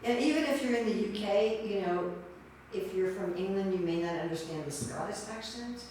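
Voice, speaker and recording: In a lecture hall, a woman lecturer runs an interactive class, quizzing listeners, repeating their answers and sorting them into right and wrong. Her medium-pitched, darkish voice moves at normal speed with lively intonation, heard from afar in an echoey hall with slight background noise.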